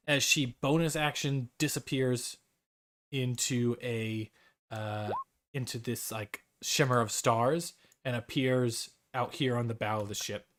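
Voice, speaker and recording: A man narrating a tabletop game as game master, in a loose, halting way full of fillers and restarts. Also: medium pitch, fairly bright tone. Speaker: dungeon master.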